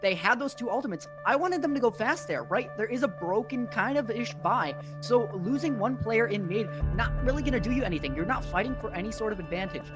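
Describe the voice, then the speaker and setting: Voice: medium pitch, animated, fairly quick, few pauses, music in the background. An esports color commentator breaking down a live match, analytical and playful, teasing the co-caster.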